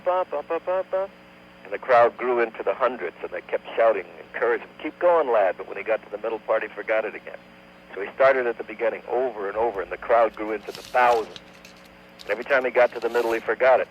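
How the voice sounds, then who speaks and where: A man, a comedian guest on a radio talk show, telling a long joke at an unhurried pace and humming tune bits as he goes. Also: lowish voice. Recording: dull lo-fi AM radio archive with faint hum.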